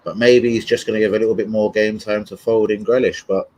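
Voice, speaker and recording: Husky sweary football streamer. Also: male voice, on the low side, flat delivery, brisk, a little mellow, low-quality recording. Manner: rambling, sweary, loses his thread. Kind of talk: casual livestream chat.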